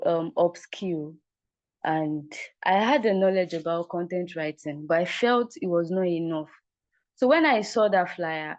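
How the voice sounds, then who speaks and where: A woman's voice: fairly low pitch, darkish tone, no echo. A young woman, a recent graduate, giving an upbeat, chatty testimonial on a video call. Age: young adult. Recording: dull lo-fi call audio.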